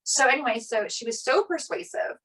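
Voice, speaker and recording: A woman's voice: high-pitched, a little fast. A woman co-host tells a personal story in easy, chatty podcast talk. She leans on "like" as a filler and acts out the people she quotes, her voice rising and falling a lot. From Italian family. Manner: animated storyteller, quoting others with many "like" fillers. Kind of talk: casual storytelling chat.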